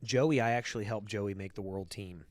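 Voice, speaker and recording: A man's voice: fairly low pitch, normal speed, no echo, studio quality. A man hosting a podcast in casual chat, blunt and full of swearing, often repeating words as he starts a thought. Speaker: podcast host.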